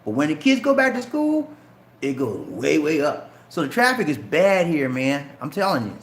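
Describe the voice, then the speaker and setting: A fairly high male voice with wildly swooping pitch moves at normal speed in an echoey room. The speaker, a middle-aged Charleston, South Carolina man with a light Southern Geechee accent, chats casually while answering viewer questions on a live stream, addressing them as "man" and "bro."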